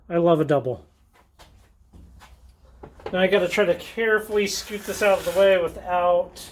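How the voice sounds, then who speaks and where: A man's voice: sits high, slight background noise. A man hosting a casual show-and-tell vlog who talks in a chatty, enthusiastic way, with frequent ums and little laughs. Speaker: rockhounding channel host.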